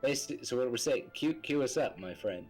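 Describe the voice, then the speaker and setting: A man's voice: mid-range voice, expressive, moderate pace, a little mellow, faint music behind, low-quality recording. A man chatting and joking in casual gaming banter with friends over voice chat. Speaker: gamer on stream.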